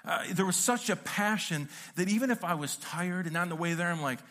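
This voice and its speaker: Bright-voiced man preaching a story. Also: high voice, fairly quick. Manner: storytelling with acted-out quotes and humor. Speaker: pastor. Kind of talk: sermon. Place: church stage.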